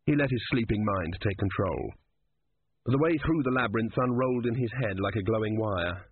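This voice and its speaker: Casting note: man reading fiction aloud, husky and measured, dry narrow-band recording. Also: lowish voice, no echo. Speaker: audiobook narrator. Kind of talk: scripted narration. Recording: dry, phone-like narrow sound.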